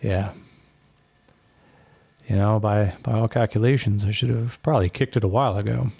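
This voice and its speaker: A man voicing an aging army general who speaks calmly and folksily, calling the younger man son. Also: lowish voice, normal speed, gravelly, husky, dry recording. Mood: fatherly. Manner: calm, folksy, calls others son. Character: gruff aging male army general, fatherly.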